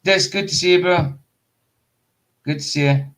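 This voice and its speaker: A man with a Scottish accent chatting casually, loud and blunt, laughing often. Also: high voice, normal speed, poor audio. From Scotland. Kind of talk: casual chat.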